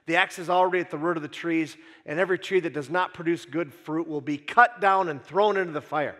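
A man's voice: on the high side, fairly quick, a bit bright. A man voicing a fiery male prophet with a Scottish accent, scolding the crowds in a sermon. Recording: long church hall reverb.

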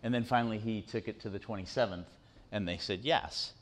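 A middle-aged man with a lowish, fairly quick voice gives a conversational motivational talk to students in a university lecture room. He's a guest speaker who often asks the audience questions and tags "right?" onto his sentences.

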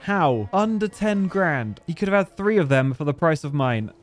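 A man giving excitable gameplay commentary, talking to himself and swinging between muttering and sudden yelps. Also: fairly high pitch, normal speed, soft background music. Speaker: game commentator.

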